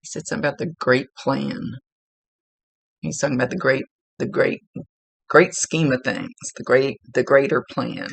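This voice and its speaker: A woman's voice: a bass voice, normal speed, vocal fry, pauses often, slightly rough, dry recording. A woman working as a psychic medium, chattily relaying spirit messages in a casual reading and laughing now and then.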